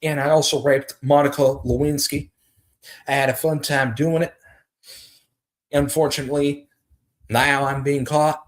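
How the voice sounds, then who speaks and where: A man's voice: a little high, level tone, unhurried, long pauses, pitched above the performer's own voice, natural voice. A man doing an older politician's folksy speech voice. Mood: mock-presidential. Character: older male ex-president, folksy campaign speaker.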